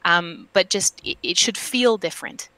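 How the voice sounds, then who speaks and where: A woman with a lowish, bright and tense tone, speaking in a reflective, casual way full of fillers. The sound is dry and close, with no room around it. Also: moderate pace, no room sound, rough recording. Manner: reflective, many fillers and restarts. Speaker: panelist on a roleplay stream. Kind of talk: casual panel discussion.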